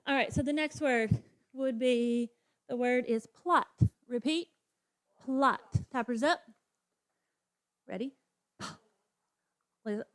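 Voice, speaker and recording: A woman teacher demonstrating a phonics lesson for other teachers, sounding out letters and modeling classroom chants. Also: a little high. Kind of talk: professional development demonstration for teachers.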